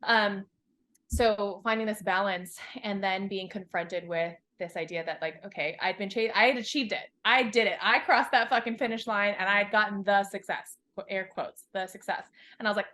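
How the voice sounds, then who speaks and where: At normal speed and medium pitch, a success coach in her thirties from Hawaii opens up about her story on a podcast. Her delivery is candid and expressive, with plenty of swearing and acted-out past thoughts.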